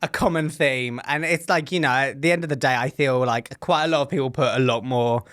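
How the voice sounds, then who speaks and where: A woman from England with an English accent, co-hosting a casual podcast and talking in an animated, chatty way. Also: extremely low pitch, fairly quick. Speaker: podcast co-host.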